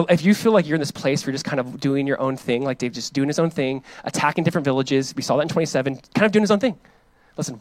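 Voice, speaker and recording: A young adult man, a pastor preaching a sermon in a casual, conversational way, full of fillers and rising to loud urgent emphasis. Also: medium pitch, no room sound.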